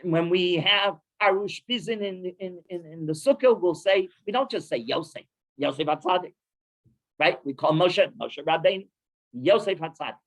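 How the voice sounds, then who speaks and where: A man teaching a lively weekly Torah class in a synagogue, animated and full of Hebrew terms. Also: sits high, low-quality recording. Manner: animated, with many Hebrew terms and quick laughs.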